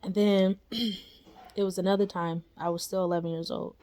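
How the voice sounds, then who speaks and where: A woman's voice: lowish voice, level tone, normal speed, warm tone. A young woman casually telling a personal spiritual story, chatty and slangy, full of fillers and tag questions like "right?" and "you know?". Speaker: storyteller sharing a spiritual experience.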